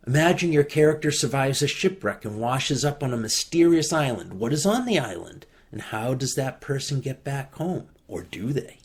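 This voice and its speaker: A minister calmly reading writing prompts during a service in a measured way. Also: male voice, medium pitch.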